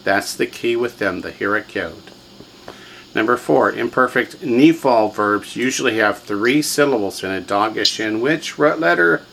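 Man, teacher, classroom lesson, mid-pitched voice, drills and quizzes students. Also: lively intonation, a little slow, gravelly, fairly bright tone, a little hiss or hum, low-quality recording. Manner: drills students, has them repeat words, quizzes them. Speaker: language teacher.

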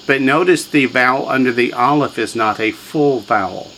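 A man's voice: medium pitch, normal speed, a bit bright, slight background noise, rough recording. A man teaching a classroom lesson, drilling students with repetition and quiz questions. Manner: drills students, has them repeat words, quizzes them. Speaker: language teacher.

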